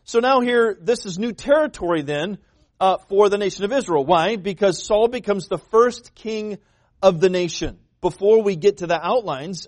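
High-voiced man preaching a sermon. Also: no room sound. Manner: conversational, animated retelling with quoted voices. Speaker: pastor.

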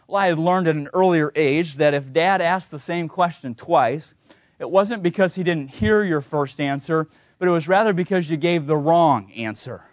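A man with a fairly high voice preaches a sermon, working in a funny personal story and chuckling along the way. He brings the voices in his stories to life with a lively, shifting tone. The sound is close and dry, with no room echo. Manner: storytelling with self-deprecating humor and chuckles; acts out quoted voices in a lively, varying tone.

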